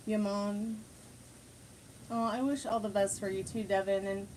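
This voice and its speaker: A woman's voice: medium pitch, measured pace, darkish tone, slight background noise, poor audio. Rambling woman chatting on a livestream. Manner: rambling, full of fillers and restarts. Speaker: livestream host. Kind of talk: casual livestream chat with viewers.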